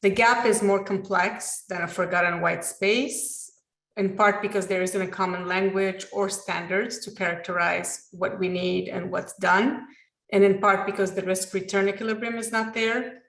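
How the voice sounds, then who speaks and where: Gravelly-voiced woman in an echoey room. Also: mid-range voice, fairly even intonation, moderate pace, fairly bright tone. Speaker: panel moderator. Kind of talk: summarizing a panel.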